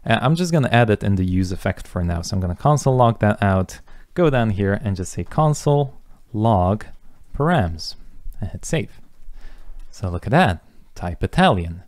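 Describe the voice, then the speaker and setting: A young man teaching a coding lesson, talking through each step as he types, with relaxed asides. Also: on the low side, moderate pace, no echo. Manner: talks through steps while typing, relaxed asides. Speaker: coding instructor. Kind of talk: casual screen-recorded coding tutorial.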